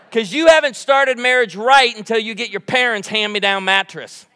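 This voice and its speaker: A man's voice: extremely high pitch, moderate pace, few pauses, pushed and bright, smooth, long reverb tail. A man in his forties giving a humorous sermon in a church, bantering playfully with the congregation. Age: 40s. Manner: joking, playful crowd banter. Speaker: guest preacher. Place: church sanctuary before a congregation.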